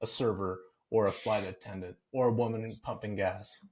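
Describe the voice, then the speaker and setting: A man's voice: fairly low pitch, fairly even intonation, moderate pace, darkish tone. A man guesting on a podcast, speaking candidly and conversationally as he tells stories. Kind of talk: casual interview chat.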